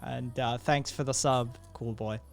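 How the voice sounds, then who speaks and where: A man's voice: mid-range voice, unhurried, creaky, faint music behind. A man hosting a live stream, chatting casually, swearing freely and reading viewer messages aloud. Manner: profane, animated, reads chat messages aloud. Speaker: streamer host.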